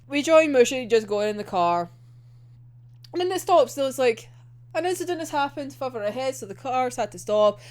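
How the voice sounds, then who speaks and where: A young woman chatting casually about an anime episode, excitable and gushing, laughing often. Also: high-pitched, moderate pace. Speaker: anime reviewer.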